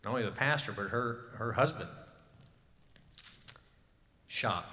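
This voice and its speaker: A man's voice: mid-range voice, lively intonation, unhurried, pauses often, pushed and bright. A man in his thirties preaching a sermon, telling a personal story in an earnest way and rising to emphatic bursts. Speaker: pastor. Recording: hall reverb.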